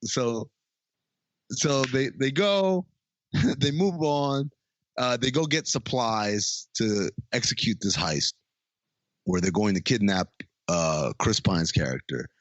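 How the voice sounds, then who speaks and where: A man's voice: mid-range voice, slow pace, long pauses, no echo, muffled recording. A man co-hosting a podcast, retelling a movie in a casual, profane way and laughing as he goes. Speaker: podcast co-host. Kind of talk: casual movie recap chat.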